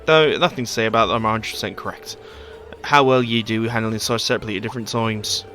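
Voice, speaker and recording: Brief: man doing a chatty merchant dad with a folksy Scottish-style lilt, bright tone, faint music behind. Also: lowish voice, fast. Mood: friendly. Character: chatty middle-aged male market merchant, a father.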